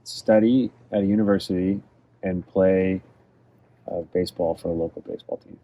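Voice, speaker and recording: A man's voice: deep voice, steady tone, normal speed, warm tone. A man from California answering interview questions as a guest, telling travel stories in a reflective, enthusiastic way. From California, USA. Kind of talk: casual interview conversation.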